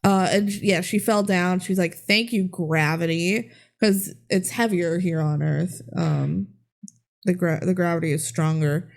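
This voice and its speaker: A woman's voice: lowish voice, expressive, measured pace, darkish tone. A woman co-hosting a podcast, recapping a movie in casual chat, laughing often and swearing freely. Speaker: podcast co-host.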